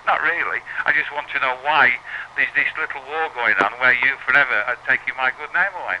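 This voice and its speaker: A man's voice: mid-range voice, a little fast, bright, forceful tone. A man on a phone call, teasing and rambling with little giggles. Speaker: caller. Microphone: telephone line. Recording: noisy taped phone call.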